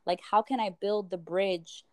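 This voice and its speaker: A woman's voice: medium pitch, steady tone, a little slow, no room sound. A woman psychotherapist talking earnestly and reflectively in a casual podcast conversation, with many "you know"s. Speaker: psychotherapist guest.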